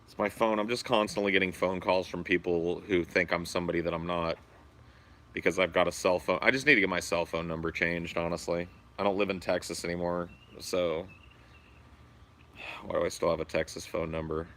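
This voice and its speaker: A man's voice: low-pitched, steady tone, brisk, fairly bright tone, a little hiss or hum. A young man hosting a livestream, chatting casually in a crude, profane and joking way. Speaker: livestream host.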